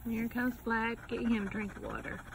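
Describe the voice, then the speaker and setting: A woman, narrating a home puppy video in an easy, slow way and coaxing the dogs. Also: steady tone. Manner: slow, easy commentary, coaxing puppies in a high sing-song. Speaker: dog breeder filming puppies. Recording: noisy home video with panting dog nearby.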